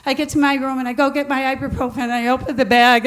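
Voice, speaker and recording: A middle-aged woman rattles through a personal story for an audience at a quick pace, with hardly any pauses, in a high voice. She stays animated, laughing as she goes and performing other people's words.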